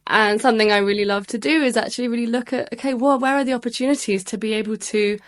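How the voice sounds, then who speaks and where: A woman's voice: a little high, fairly even intonation, fast. Playful woman relationship coach. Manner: playful, laughs at herself. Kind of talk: casual podcast conversation.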